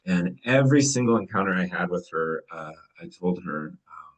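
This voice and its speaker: A middle-aged man, an emergency physician, talking casually with students and telling stories in a relaxed, conversational way with many fillers. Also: low voice, normal speed, rough recording. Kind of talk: casual storytelling talk.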